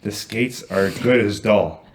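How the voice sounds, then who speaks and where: Low-voiced joking young man. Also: measured pace, a little hiss or hum. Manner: joking, lively storyteller. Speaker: podcast co-host. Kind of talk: casual sibling podcast chat.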